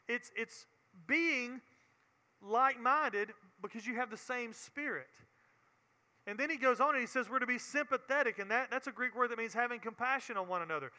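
Very high-voiced, bright Southern preacher man. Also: moderate pace, big-room sound. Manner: earnest, repeats words, builds to emphatic preaching. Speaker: Bible teacher. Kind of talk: Bible teaching sermon.

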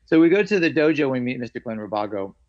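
A man who teaches martial arts, telling stories of his training in an animated way and acting out the lines of others. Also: mid-range voice, fast. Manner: animated, acts out quoted lines. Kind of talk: storytelling in a conversation. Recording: dull lo-fi audio.

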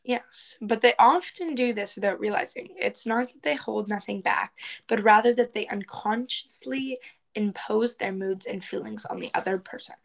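Woman podcast co-host, middle-pitched, casual chat and reading aloud over a remote call. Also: normal speed, vocal fry, poor audio. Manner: chatty, reads astrology text aloud. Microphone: remote call recording.

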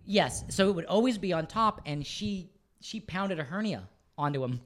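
A man's voice: sits high, moderate pace, slight background noise. A man hosting a podcast in casual chat, telling stories with lots of laughter and some swearing. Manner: animated storyteller, laughs often, swears. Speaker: podcast host.

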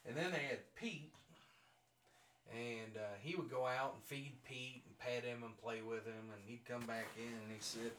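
Man, podcast host, casual storytelling, self-mocking jokes, bright voice, echoey room. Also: mid-range voice, steady tone, moderate pace. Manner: jokey, self-mocking, laughs often. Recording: roomy sound from a distant mic with faint noise.

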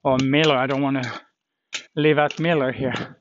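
A man walking outdoors on a hilly trail, talking in a rambling, halting way with lots of fillers as he vlogs his pilgrimage. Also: mid-range voice, little pitch movement. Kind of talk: casual walking vlog. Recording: dull lo-fi with faint noise.

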